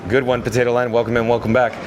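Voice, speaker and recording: A man's voice: medium pitch, monotone, racing. A man hosting a live-stream tour of hotel hallways, chatting and reading viewer comments aloud. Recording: noisy handheld phone recording.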